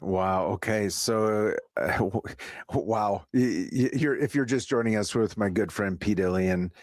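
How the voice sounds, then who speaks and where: A man with a low voice hosts a radio talk show. He stammers and fills his sentences with pauses as he sums up. His voice is dry and close, with no room sound. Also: dry recording. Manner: hesitant, stammering, many fillers. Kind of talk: radio interview.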